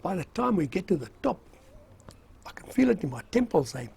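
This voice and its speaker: An older man telling a personal memoir in a relaxed, rambling way, poking fun at himself. His voice is gravelly and very husky, with a mellow, slightly higher pitch. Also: fairly quick. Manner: rambling, self-mocking, with frequent fillers and chuckles. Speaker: storyteller recalling army service. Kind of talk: casual spoken memoir.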